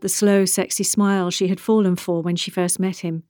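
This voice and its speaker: A woman's voice: lowish voice, no echo. Woman narrating a novel, dry sound. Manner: measured, steady storytelling. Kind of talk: audiobook narration.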